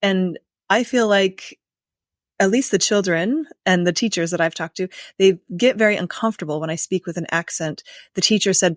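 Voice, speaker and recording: An American woman hosts a podcast, talking things through in a relaxed, thinking-aloud way. Her voice sits mid-range and sounds dry and close with little room. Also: medium pitch, normal speed, dry recording. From United States. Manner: conversational, thinking aloud with ums. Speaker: podcast host. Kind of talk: podcast interview.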